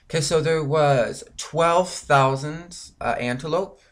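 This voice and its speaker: A man's voice: on the high side, takes it slowly, a bit bright, a little hiss or hum. A man from Canada ranting angrily in a rambling vlog monologue, full of swearing and filler words. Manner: frustrated, profane, rambling with many fillers. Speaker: vlogger.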